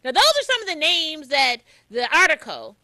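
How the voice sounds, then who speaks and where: A woman hosts a radio talk show, her voice high and very bright. She talks with animated, swooping emphasis and jumps in to drive points home. The sound is close and dry. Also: moderate pace, no echo.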